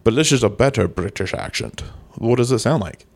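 A man's voice: medium pitch, lively intonation, brisk, creaky, breathy edge. A man doing a comedic impression of an aging film star, with a slurred lisp that turns "s" into "sh". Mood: boastful. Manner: slurred lisping "sh" sounds, teasing and boastful. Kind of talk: comedic impression in podcast banter.

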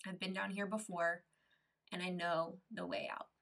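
A woman voicing a calm, kind male friend who reassures someone that he knows the way out, in a spoken allegory. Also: high-pitched, moderate pace, vocal fry, far from the mic, full character voice. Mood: reassuring. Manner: gentle, reassuring. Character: calm, kind friend who has been there before.

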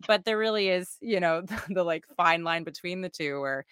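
Give me a deep-voiced woman podcast host talking in a quick, rambling, casual way. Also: fairly bright tone, clean tone, no echo. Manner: quick, rambling, full of "like" fillers.

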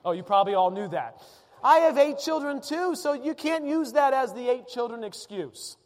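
A man's voice: extremely high pitch, lively intonation, normal speed. A man, a pastor, preaching a sermon in a conversational, emphatic way, piling up repeated phrases. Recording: long hall reverb.

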